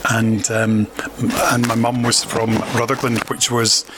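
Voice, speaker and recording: A man's voice: mid-range voice, monotone, measured pace, background noise. A man co-hosting a podcast in casual chat, enthusiastic and a little rambling, full of praise. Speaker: podcast co-host.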